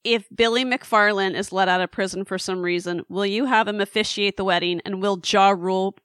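A woman's voice: mid-range voice, steady tone, fairly quick, fairly bright tone, clean tone, no echo, clean studio sound. A woman interviewing a guest and asking playful questions.

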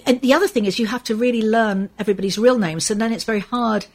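A woman's voice: on the high side, fast. An older woman from England chatting casually as an interview guest, telling anecdotes with lots of fillers and restarts. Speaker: soap actress guest.

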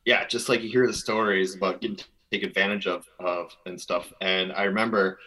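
A man's voice: deep voice, steady tone, brisk, sharp tone, poor audio. A man from Minnesota, a guest telling a long personal story in a casual interview, full of fillers and restarts. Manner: rambling, filler-heavy, earnest.

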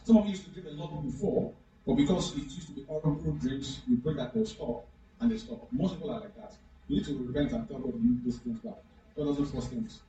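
A man's voice: on the high side, animated, brisk, warm tone. Male pastor, interactive sermon, keeps pressing the congregation with questions; echoey hall, dull sound. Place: church hall. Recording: echoey, distant, dull room recording.

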